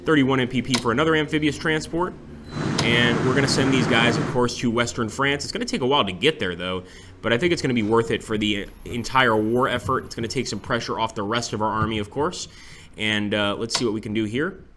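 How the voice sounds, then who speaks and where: A man's voice: mid-range voice, a little fast. A man casually commenting on his own strategy game as he plays, thinking aloud with frequent fillers. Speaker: strategy game let's-play host. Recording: clear background noise and clicks.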